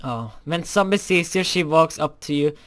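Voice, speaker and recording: A man's voice: on the high side, expressive, normal speed, a bit bright. A young man reading a fan story aloud, often stumbling over words and correcting himself.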